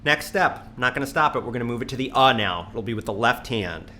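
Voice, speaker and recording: Bright-voiced man teaching drums. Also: a little fast, a little hiss or hum. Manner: patient, repeats counts in a low steady voice. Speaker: drum teacher. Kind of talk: instructional lesson, counting aloud. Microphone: studio mic on a stand near the kit.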